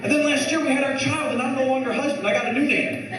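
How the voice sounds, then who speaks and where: A man's voice: quick pace, a crowd in the background. A man performing a stand-up set to a live audience, telling his story with lots of animation. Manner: animated storytelling, swings pitch a lot. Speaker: stand-up comedian. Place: comedy club stage. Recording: echoey live club, distant mic. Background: audience laughter.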